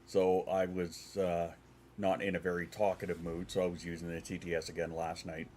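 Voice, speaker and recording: A man's voice: deep voice, little pitch movement, moderate pace, a little mellow, slight background noise. A congested man streaming from home, chatting casually with his viewers and swearing now and then. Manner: rambling, swears, answers chat.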